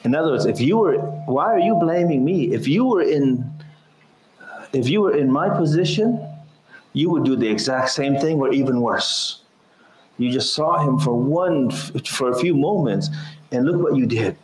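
A man's voice: mid-range voice, moderate pace, a little hiss or hum. Man giving a humorous sermon. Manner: animated storytelling, chuckles often. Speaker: religious teacher. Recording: echoey room.

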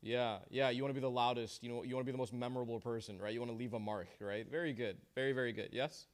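A man with a medium-pitched, fairly even voice teaches a class at a quick pace. He leads the discussion in a joking, encouraging way, praising answers and using Islamic phrases.

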